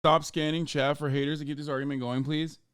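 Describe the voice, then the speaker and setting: A man's voice: on the high side, level tone, fast talker, fairly bright tone, clear, resonant tone, dry recording, studio quality. A man in his thirties streaming live, ranting in a heated, profane, argumentative way. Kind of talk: livestream reaction rant.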